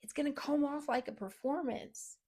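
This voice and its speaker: A woman coach with a fairly high voice speaks straight to her viewers in a blunt, no-nonsense way, swearing freely. She punches some lines out loudly and drops others to a low, near-whisper. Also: moderate pace. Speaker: business coach. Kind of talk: direct-to-camera coaching talk.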